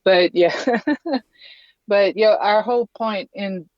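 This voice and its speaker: A woman guest talking quickly and giggling from a van. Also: mid-range voice, no room sound, lo-fi sound. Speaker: guest, news show co-host. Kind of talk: casual interview talk.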